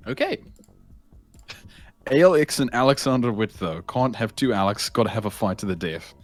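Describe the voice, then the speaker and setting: This is a man calling a game tournament live, excitable and quick to laugh. His pitch swings widely from line to line as he reacts and chats with viewers. Faint music plays beneath him. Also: dry recording. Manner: excitable, laughing, reads chat aloud. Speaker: esports caster. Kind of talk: casual live game commentary.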